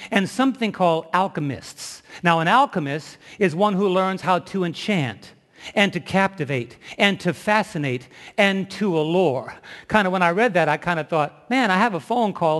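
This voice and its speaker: A man's voice: high-pitched, fairly bright tone, in a large hall. A man preaching a sermon, telling a story with emphasis and asking the audience questions.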